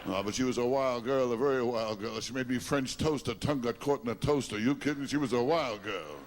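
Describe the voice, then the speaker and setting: A man from Long Island doing a stand-up routine, complaining about himself in quick self-deprecating one-liners. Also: mid-range voice. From Long Island, New York. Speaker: stand-up comedian. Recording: noisy live recording.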